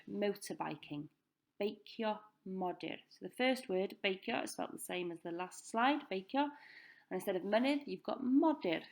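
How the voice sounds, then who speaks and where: A woman teaching a recorded language lesson, saying each word slowly and clearly for pupils to repeat. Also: medium pitch, a little mellow. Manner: slow, careful pronunciation drills. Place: school.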